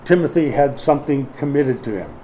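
A middle-aged male pastor preaching a sermon, moving between quiet explanation and emphatic declarations, with folksy asides to the congregation. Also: mid-range voice, expressive, brisk, a little hiss or hum, poor audio.

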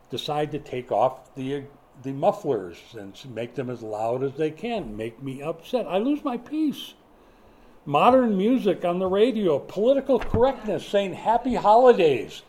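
Mellow-voiced older man preaching a sermon. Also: fairly high pitch. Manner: folksy storytelling with acted-out quotes. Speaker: pastor.

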